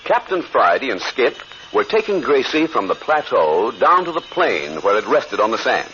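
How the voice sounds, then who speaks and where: A man's voice: medium pitch, sing-song, moderate pace, sharp tone, slight background noise. A man narrating and announcing a radio adventure with dramatic, swooping delivery, on a dull old recording.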